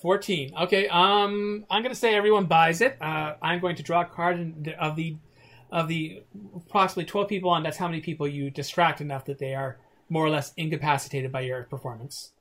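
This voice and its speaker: A man's voice: a little high, fairly even intonation, fairly quick, a bit bright. Rambling male game master. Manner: rambling, restarts often. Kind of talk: narrating a tabletop game.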